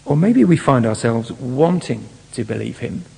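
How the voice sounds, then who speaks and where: A man preaching with a gravelly, husky voice, explaining a Bible passage and turning to his listeners with rhetorical questions. Now and then he slips into a mocking voice to act out the scoffers he quotes. A long, lingering reverb hangs behind him, as from a large hall. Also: mid-range voice, expressive, moderate pace, warm tone. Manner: expository, asks the congregation rhetorical questions. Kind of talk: sermon.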